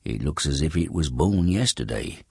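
A shrewd, steady detective from a storybook, played by a man with a very deep voice. He fires off brisk, probing questions in a dry, close recording. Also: vocal fry, husky, dry recording, exaggerated voice.

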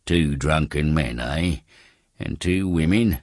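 A shrewd, steady detective from a storybook, played by a man with a very deep voice. He fires off brisk, probing questions in a dry, close recording. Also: no echo, full character voice.

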